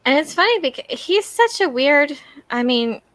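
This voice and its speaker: A woman's voice: high-pitched, very animated, normal speed, fairly bright tone, no echo. Enthusiastic woman, dry close sound. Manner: enthusiastic, filled with "like" and light laughter. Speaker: podcast panelist. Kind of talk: casual chat.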